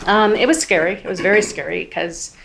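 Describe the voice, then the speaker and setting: A woman in her forties testifies as a trial witness in a lowish, creaky, slightly bright voice, speaking briskly over a little hiss or hum. She's hesitant, uses many ums, quotes other people, and at times comes close to tears.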